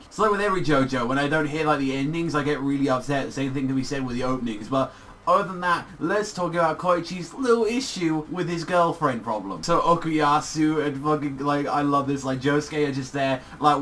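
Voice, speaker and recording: Young male reviewer, loose and profane, chatty with lots of fillers, voice a bit raised in pitch. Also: bright, forceful tone, a little hiss or hum. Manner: rambling, profane, filler-heavy. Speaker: anime reviewer. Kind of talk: casual review chat.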